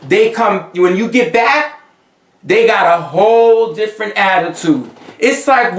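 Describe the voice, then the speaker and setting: A man with a Haitian accent, a vodou priest giving animated, emphatic spiritual advice in a casual monologue. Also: sits high, measured pace. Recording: roomy sound, distant from the mic.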